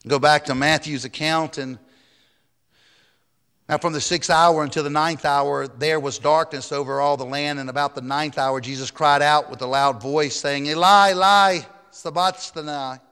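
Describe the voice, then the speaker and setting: A man's voice: a little high, level tone, moderate pace, a bit bright, clear, resonant tone, big-room sound. A man pastor preaching a sermon, reading scripture aloud dramatically and raising his voice on the quoted cries.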